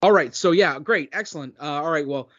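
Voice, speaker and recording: A man's voice: a little high, fairly quick, muffled recording, background noise, natural voice. A man playing a flustered male film director who stammers and keeps restarting his sentences.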